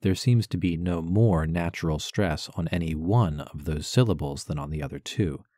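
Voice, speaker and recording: A man giving a poetry lesson as a voice-over, measured and deliberate, carefully stressing syllables. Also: deep voice, mellow, no room sound, studio quality. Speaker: poetry teacher. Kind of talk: instructional narration with poem recitation.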